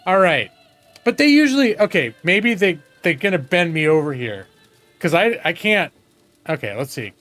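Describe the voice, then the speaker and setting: Man, slightly higher voice, live game commentary, casual and swearing, faint music behind. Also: big pitch swings, measured pace, fairly bright tone. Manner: casual, swearing, talks to chat. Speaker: streamer playing a strategy game.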